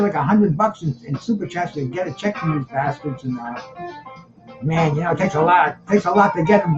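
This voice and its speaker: A man in his seventies hosting a live-stream trivia show, talking in a rambling, laid-back way and calling everyone "man". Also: high voice. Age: 70s. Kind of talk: casual live-stream chat. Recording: dull lo-fi sound with live band music. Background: jazz band music.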